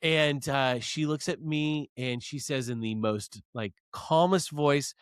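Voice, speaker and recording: A man's voice: mid-range voice, takes it slowly, few pauses, clear, resonant tone, dry recording. A man in his thirties, a podcast guest who tells stories with energy and acts out past scenes. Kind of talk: casual storytelling interview.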